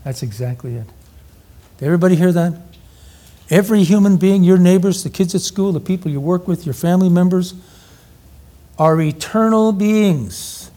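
A man's voice: high-pitched, moderate pace, dark tone. A middle-aged man preaching an interactive teaching sermon, energetically quizzing the audience with questions.

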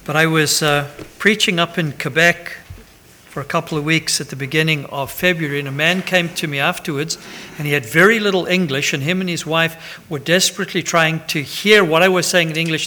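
A man's voice: on the high side, steady tone, a little fast, bright, forceful tone. A man preaching a sermon, chatty and pastoral, with self-deprecating asides and a habit of tagging 'right?'. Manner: pastoral, announcement-style.

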